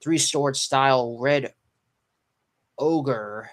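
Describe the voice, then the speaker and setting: Sleepy, halting man reacting live. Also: mid-range voice. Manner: halting, stops often with ums and restarts while reading. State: sleepy, yawning. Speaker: live manga reaction streamer. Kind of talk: casual live read-through and reaction.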